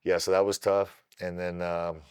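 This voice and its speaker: A middle-aged man from Ohio, a kickboxer guest on a podcast, telling his story in an animated, casual way and swearing freely. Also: low voice, normal speed, clean tone, no echo, clean studio sound.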